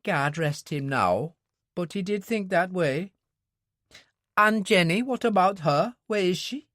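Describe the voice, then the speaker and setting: A man's voice: high-pitched, expressive, takes it slowly, fairly bright tone, no echo, studio quality, voice pushed up, full character voice. A man reading an audiobook, voicing a middle-aged woman who runs an island café, earnest and anxious.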